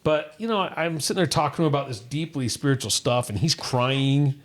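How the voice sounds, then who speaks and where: A middle-aged man from Utah tells a personal story on a podcast. He talks earnestly and at length, circling back with many restarts and fillers, at an ordinary mid pitch. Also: animated, a little fast. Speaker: podcast co-host. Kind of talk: casual chat, personal story.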